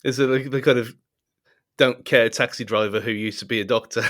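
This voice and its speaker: A man's voice: mid-range voice, steady tone, brisk, fairly bright tone. Giggly male podcast co-host. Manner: giggly, laughs often between words. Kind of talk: casual film-review chat.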